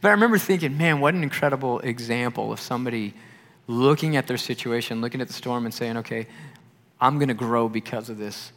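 A man's voice: medium pitch, fast talker, fairly bright tone. Young guy youth pastor telling a story in his sermon, acts out the voices, big church echo. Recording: long hall reverb.

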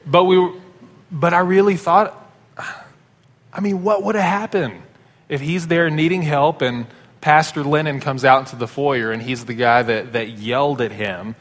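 A man's voice: fairly high pitch, moderate pace. Man preaching with long hall reverb. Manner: conversational storytelling. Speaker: pastor. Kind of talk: sermon.

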